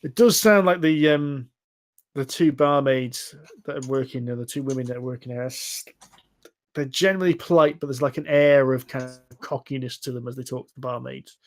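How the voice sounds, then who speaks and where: Man narrating as game master. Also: mid-range voice. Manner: halting, descriptive narration with many restarts. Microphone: online voice call.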